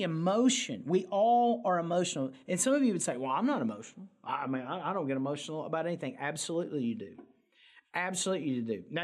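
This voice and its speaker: A man's voice: fairly high pitch, darkish tone. A man, preaching a conversational sermon that mixes family stories with emphatic peaks. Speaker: pastor.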